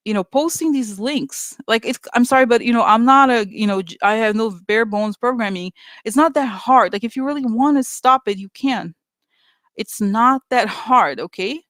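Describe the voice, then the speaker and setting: A psychic reader talking through questions in a loose, rambling way, full of fillers and acted-out quotes. The voice sits at a middle pitch. The sound is dry and close, with no room echo. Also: a bit bright. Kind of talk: casual commentary.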